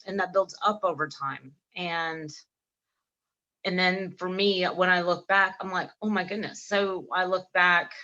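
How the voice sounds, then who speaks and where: A woman's voice: lowish voice, lo-fi sound. A middle-aged woman co-hosting a casual podcast, telling stories with animation, acting out both sides of conversations and laughing often. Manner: animated storyteller acting out dialogue; laughs often mid-sentence. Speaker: podcast co-host.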